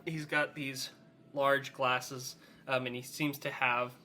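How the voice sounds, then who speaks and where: A man's voice: mid-range voice, little pitch movement, slow pace, pushed and bright, slight background noise. A man narrating as game master in a rambling, filler-heavy way.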